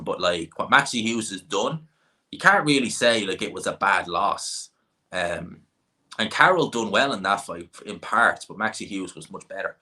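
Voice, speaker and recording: A low-pitched man hosting a casual livestream, reading out viewer questions and answering them offhand. He rambles, restarts and throws in quick asides without any rush. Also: sharp tone. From Ireland. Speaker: livestream host.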